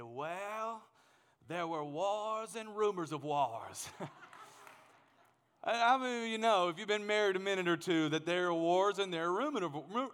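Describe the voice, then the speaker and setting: A pastor in his thirties delivers a sermon, lively and full of jokes, repeating words more and more as he builds momentum. His voice is high-pitched, and the sound has the feel of a large room.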